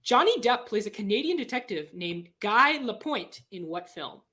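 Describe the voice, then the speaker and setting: A woman's voice: on the high side, big pitch swings, normal speed, pushed and bright. A woman co-hosting a trivia game show, playfully announcing questions and teasing the contestants. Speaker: co-host.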